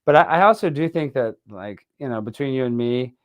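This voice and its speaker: A man hosting a casual interview show, loud and joking, rambling with sudden yells. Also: mid-range voice, lively intonation, brisk. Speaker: show host. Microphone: video call setup.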